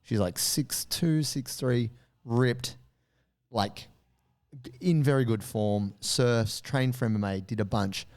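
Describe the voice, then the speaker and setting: A man's voice: medium pitch, takes it slowly. A man co-hosting a podcast, telling a story in casual chat with lots of acted-out voices. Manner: animated, acts out voices in quotes. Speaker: podcast co-host.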